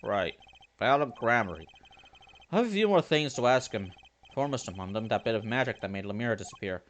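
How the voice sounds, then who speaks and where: A man's voice: lowish voice, a little fast, slight background noise. A man casually commenting while playing a game, swearing freely and reading lines aloud. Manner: animated, swears freely, reads dialogue aloud. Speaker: game streamer. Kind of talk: casual let's play commentary.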